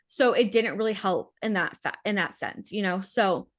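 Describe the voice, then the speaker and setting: A woman's voice: mid-range voice, moderate pace. Chatty woman with filler-heavy talk. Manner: emphatic, lots of "like", defends players. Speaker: podcast co-host. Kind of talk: casual recap chat.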